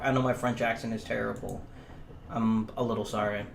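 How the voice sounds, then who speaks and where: A man's voice: lowish voice, flat delivery, brisk, gravelly. A man casually commenting on a game he is playing and thinking aloud about his choices. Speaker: let's play host. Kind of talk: gaming commentary. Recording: echoey room, faint hiss.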